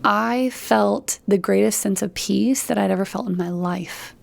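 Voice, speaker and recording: A woman's voice: mid-range voice, a little slow, vocal fry. A woman, a podcast guest, telling personal stories in a casual interview and acting out the dialogue. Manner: lively storytelling, acts out quoted dialogue.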